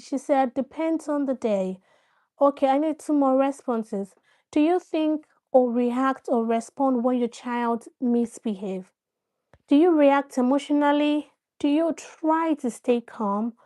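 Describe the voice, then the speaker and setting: Brief: female live stream host, higher pitch, unhurried and coaxing, repeats lines to viewers. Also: warm tone. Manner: coaxing, repeats herself, addresses viewers directly. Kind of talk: casual live stream talk on parenting.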